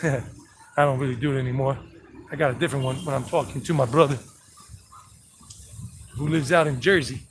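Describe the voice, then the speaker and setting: A man's voice: medium pitch, fairly even intonation, a little fast, long pauses. A man giving a casual walking tour on a live stream, chatty and full of joking asides, outdoors in town streets. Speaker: travel vlogger. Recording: noisy street with traffic. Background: street noise and vehicles.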